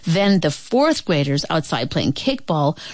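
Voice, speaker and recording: A woman reading a picture book aloud in an expressive, playful way. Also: sits low, unhurried, no room sound. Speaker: storybook reader.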